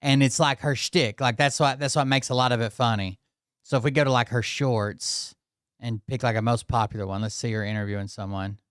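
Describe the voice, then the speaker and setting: A man giving casual reaction commentary, rambling with plenty of "like"s. His voice is smooth and crisp, recorded close and dry with no room sound. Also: mid-range voice, fairly even intonation, brisk, fairly bright tone, dry recording. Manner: loose, rambling, many "like"s. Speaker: commentary channel host.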